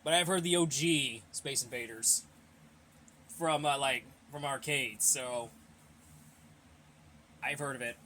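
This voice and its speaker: A man's voice: mid-range voice, slow pace, pauses often, sharp tone, slight background noise. A young man hosting a casual Q&A, reading viewer questions and giving blunt, rambling opinions while a little out of breath. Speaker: host of a fan Q&A channel.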